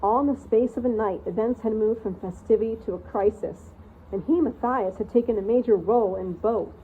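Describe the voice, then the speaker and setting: A woman narrating a storybook aloud in an expressive read-aloud style. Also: a little high, a little fast, breathy edge. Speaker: reader of a channel read-aloud. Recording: tinny phone-like sound, faint hiss.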